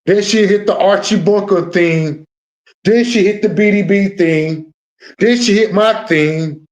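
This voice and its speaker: A man with a fairly high voice hosting a live stream. He rants in a brash, profane and confrontational way and calls out his critics directly. The delivery is loud-mouthed and combative. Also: measured pace. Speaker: livestream host.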